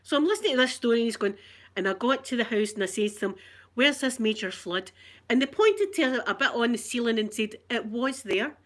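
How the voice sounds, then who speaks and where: Her voice sits a little high and sounds fairly bright, expressive and fairly quick. She's a middle-aged vlogger with a Glasgow accent, at home in the living room, laughing through an indignant story told to camera.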